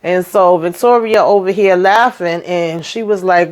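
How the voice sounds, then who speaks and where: A woman hosting a casual TV recap, telling the story in an animated way, laughing often and acting out the quotes. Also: on the low side, measured pace, few pauses. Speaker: TV recap host.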